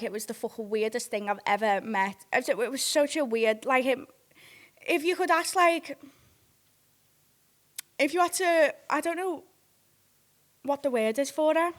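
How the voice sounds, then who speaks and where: A woman's voice: fairly high pitch, fairly bright tone. A young woman with a Northwest English accent, hosting a podcast and telling stories in a casual, candid way. She swears freely and keeps checking in with her listeners. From near Liverpool, England. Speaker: podcast host. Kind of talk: casual storytime chat.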